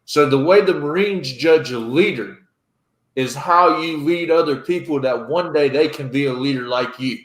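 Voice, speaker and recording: A man's voice: fairly high pitch, normal speed. A man hosting a casual chat, talking in an earnest, plain-spoken way. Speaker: podcast host. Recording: roomy echo.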